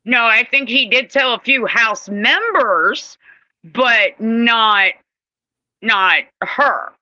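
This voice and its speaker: A woman's voice: on the high side, expressive, very slow, sharp tone, dry recording, muffled recording. A woman co-hosting a casual recap chat, hesitant and mostly agreeing. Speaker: podcast co-host.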